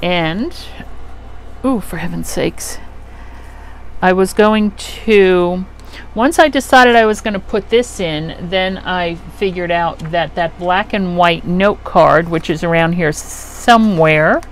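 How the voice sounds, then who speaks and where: Working at home in her craft room, this middle-aged craft-channel host rambles casually and frequently drifts off mid-sentence. She speaks slowly in a lowish voice, with the faint hum of a running air conditioner behind her.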